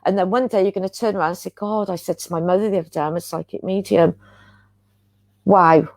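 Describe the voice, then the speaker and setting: Brief: woman, earnest rambling guest on a spiritual chat, mid pitch, dry sound. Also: steady tone, fast talker, a little mellow, no echo. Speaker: guest healer.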